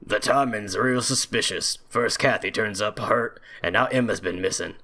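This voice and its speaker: A man's voice: fairly low pitch, normal speed, sharp tone. A young man casually commenting on a video game, reading its text aloud, joking sarcastically and swearing often. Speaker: video game let's play host.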